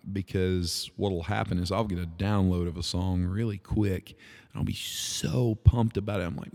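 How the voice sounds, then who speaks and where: Low gravelly man, earnest devotional talk. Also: a little mellow. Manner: earnest, conversational, many fillers and restarts. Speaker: podcast host and worship leader.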